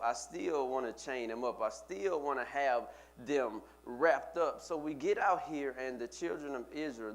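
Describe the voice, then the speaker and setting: A man's voice: mid-range voice, fairly bright tone. A male pastor preaching a sermon, building with emphatic, repeated phrases. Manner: preaching with rising emphatic repetition.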